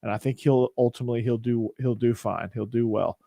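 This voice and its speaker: A man's voice: mid-range voice, fairly even intonation, fairly quick, creaky, dark tone, no echo. A young man hosting a podcast, giving opinions in a rambling, casual way. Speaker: podcast host. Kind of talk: casual chat.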